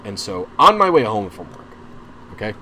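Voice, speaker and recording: There's slight background noise as a young streamer rambles through a long personal story in casual chat, full of restarts and asides, plainly anxious and frustrated. His voice is on the low side, sing-song and sharp, at normal speed.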